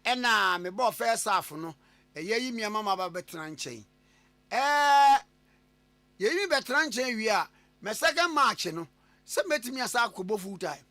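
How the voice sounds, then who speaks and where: A man hosting a radio talk show, switching between English and Twi and pressing his guest with lively, stumbling questions. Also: sits high, moderate pace, no room sound. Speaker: radio host.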